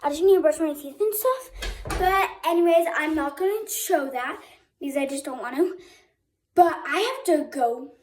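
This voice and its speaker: A woman's voice: sits high, normal speed, a little mellow, a little hiss or hum, low-quality recording. A young girl rambling casually to her viewers in a chatty vlog, often calling them "y'all". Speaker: vlogger.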